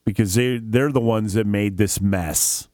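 A man co-hosting a casual comedic chat, trading deadpan sarcastic banter. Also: fairly low pitch, unhurried, no echo, studio quality. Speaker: podcast co-host.

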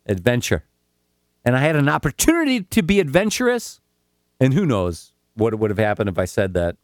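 A man's voice: mid-range voice, very animated, brisk, no echo, studio quality. A man co-hosting a casual comedic chat, telling stories with swearing and mock voices. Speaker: podcast co-host.

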